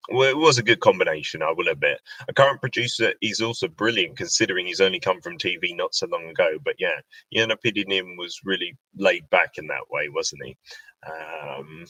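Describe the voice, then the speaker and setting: A British man with a low, bright voice chats casually on a livestream, reading out viewer questions and answering them with a joking manner. The sound is dry, with him sitting a little back from the microphone. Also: dry recording, recorded from a distance, low-quality recording. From Britain. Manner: chatty, joking, reads out comments.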